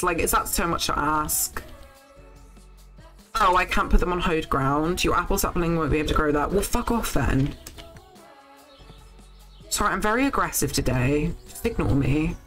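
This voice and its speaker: Lively woman swearing through her game. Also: lowish voice. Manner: chatty, swears freely, talks to viewers while playing. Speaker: streamer. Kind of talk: casual game-stream chat.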